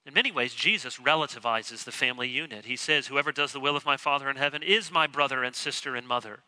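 A man preaching a sermon as pastor, emphatic and lively, acting out short quoted lines to his congregation. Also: medium pitch, quick pace. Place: church sanctuary.

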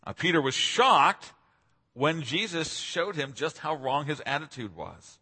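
Man, pastor, sermon, bright tone, husky, earnest emphatic delivery, reverberant hall. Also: fairly high pitch, animated, unhurried. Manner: earnest expository preaching with emphatic rises.

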